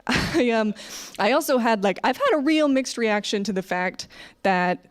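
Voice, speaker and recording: A woman's voice: a little high, animated, unhurried. A young American woman doing a stand-up set to a camera, chatty and self-deprecating, laughing between jokes. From United States. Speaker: stand-up comedian. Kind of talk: online stand-up comedy set. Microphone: camera, sometimes leaning in too close.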